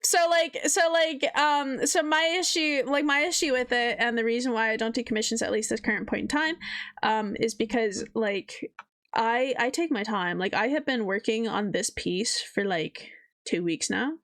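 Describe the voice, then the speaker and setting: A woman's voice: fairly high pitch, normal speed, fairly bright tone. A young woman streaming live as an artist, chatting casually in a blunt, profane way and often mimicking people. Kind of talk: casual livestream chat.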